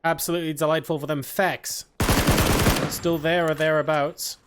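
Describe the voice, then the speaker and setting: A male esports caster with a high, bright-edged voice calls the match live, talking fast and leaping up in excitement on big plays. He speaks close into a headset mic. Game gunfire and clicks sound clearly behind him. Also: heavy background noise. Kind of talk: live play-by-play commentary.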